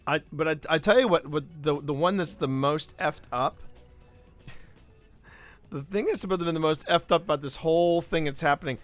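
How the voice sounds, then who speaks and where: A man hosting a live gaming stream, chatting casually and breaking into laughing asides and quick self-corrections. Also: a little high, faint music behind. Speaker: stream host.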